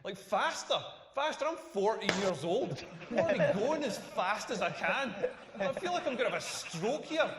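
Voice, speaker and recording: A brash Scottish comic in his forties, working through a bawdy stand-up set. His voice sits high for a man and rings out in a roomy hall with a long tail of reverb. A faint hiss sits under the recording. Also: big pitch swings, moderate pace. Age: 40s. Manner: brash, rambling, punchline-driven banter. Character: crude, self-mocking middle-aged male stand-up comic. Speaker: stand-up comedian. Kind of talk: stand-up comedy routine. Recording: echoey hall with faint noise.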